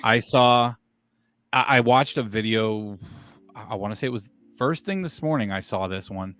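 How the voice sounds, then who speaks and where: A man's voice: fairly low pitch, normal speed, a bit bright, clean tone, no echo. A man hosting a casual podcast, steering the talk and handing topics to his guests. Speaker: podcast host.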